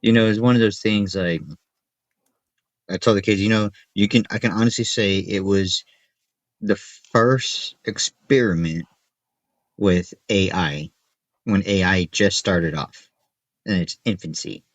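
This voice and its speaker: A man in his thirties with a low voice spins animated, cussing stories while co-hosting a casual podcast. The sound is close and dry. It is also a touch dull and lo-fi. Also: measured pace, long pauses, no echo. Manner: animated storyteller, profane, acts out kids' voices. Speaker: podcast co-host. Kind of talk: casual chat. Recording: dull, slightly lo-fi podcast audio.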